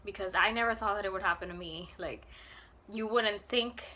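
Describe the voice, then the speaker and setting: Bright-voiced young woman rambling storytime. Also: mid-range voice, normal speed. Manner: rambling, filler-heavy, lots of "like" and "um"; emotional and earnest. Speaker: vlogger. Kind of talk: personal storytime vlog.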